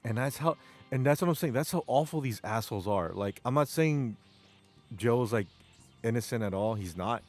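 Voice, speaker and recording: A man's voice: medium pitch, expressive, normal speed, a little mellow, soft background music. A man hosting a casual live stream, rambling and enthusiastic, often repeating words. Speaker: stream host.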